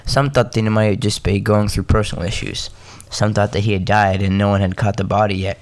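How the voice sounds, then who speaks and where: Male podcast host reading a story, low voice, dry close sound, stumbles and self-corrects. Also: fairly even intonation, no room sound. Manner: halting, self-correcting, joking asides between coughs. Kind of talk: casual story reading with asides.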